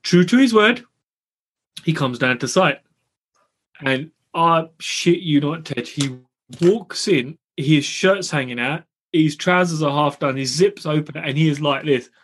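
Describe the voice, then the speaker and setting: A man recounting a frustrating story in a casual podcast conversation. He sounds animated and exasperated, and his voice sits a little high for a man. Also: measured pace, slightly rough. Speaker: property developer guest.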